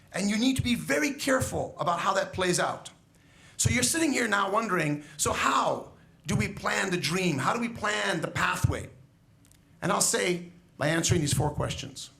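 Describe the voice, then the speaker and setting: A man addresses graduates from a stage in a commencement speech. His voice sits a little high and carries a gravelly rasp. He speaks emphatically, telling stories and putting rhetorical questions to the class. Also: sharp tone. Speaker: school educator.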